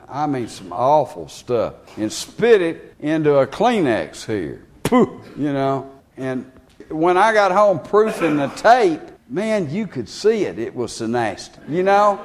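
A male preacher, preaching a folksy sermon with plain grammar and scripture quotes. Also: high voice.

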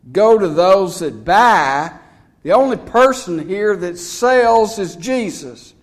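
A man preaching a folksy, emphatic sermon, reading scripture aloud between his points. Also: sits high.

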